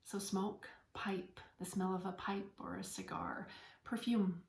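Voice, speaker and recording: A woman hosting a podcast as a spiritual medium, speaking in an earnest, heartfelt and gently encouraging way. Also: medium pitch, sing-song, unhurried, gravelly. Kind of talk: inspirational spiritual talk. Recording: echoey room.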